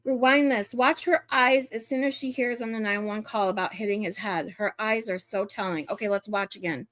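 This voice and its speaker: A woman hosting casual true-crime reaction commentary, blunt and swearing as she talks over paused clips. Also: mid-range voice, fairly even intonation, a bit bright, no room sound.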